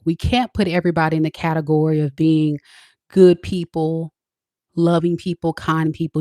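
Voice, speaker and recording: Low-pitched woman, tarot reader lecturing her female viewers bluntly, dry close recording. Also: darkish tone, dry recording. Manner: blunt, preachy, talks straight to the women watching. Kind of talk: direct-to-camera advice talk.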